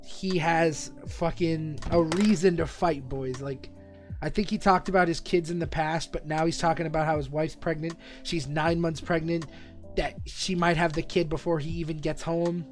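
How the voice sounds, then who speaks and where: Excitable young man streaming, swearing freely. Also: a little high, moderate pace, soft background music. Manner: excitable, profane, rambling banter with frequent laughs. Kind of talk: live stream reaction commentary.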